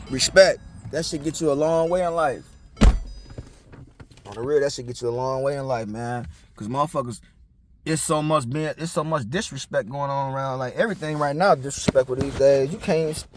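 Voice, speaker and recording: A man's voice: fairly high pitch, darkish tone, no echo. A young man, talking in a blunt, profane, preachy casual monologue. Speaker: commentator.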